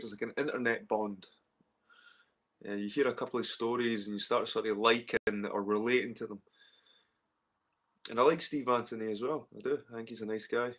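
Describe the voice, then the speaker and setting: A man from Scotland with a mid-range, fairly bright voice hosts a relaxed livestream. Reading out the chat and responding, he swears, rambles and repeats things.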